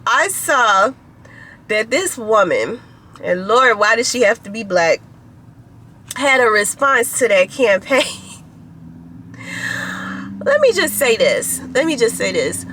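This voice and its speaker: A woman's voice: a little high, sing-song, slow, long pauses, sharp tone. A woman vlogging casually to a camera on a tripod, chatty and laughing often as she tells stories.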